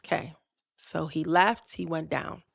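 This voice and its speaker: A woman's voice: low-pitched, fairly even intonation, a little slow, vocal fry, dry recording, studio quality. A young woman podcast host casually telling a personal story, candid and chatty, speaking straight to her listeners. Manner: candid, conversational, addresses listeners directly.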